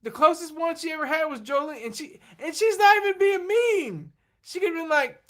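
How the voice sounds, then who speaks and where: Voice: high-pitched, sing-song, a little fast, fairly bright tone. A livestream host chatting casually and rambling, laughing often and answering comments from the chat while running on fumes.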